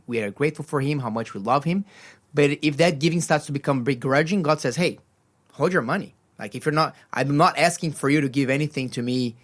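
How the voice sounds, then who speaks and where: A man co-hosting a faith radio breakfast show, talking earnestly about giving, often repeating words as he goes. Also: medium pitch. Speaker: radio co-host. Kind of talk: casual radio chat.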